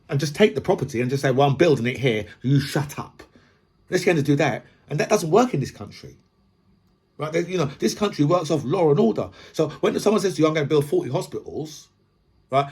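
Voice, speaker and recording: Husky-voiced podcast host, raised pitch, profane opinion rant. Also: male voice, a little mellow. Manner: swears freely, builds long analogies, repeats "right?".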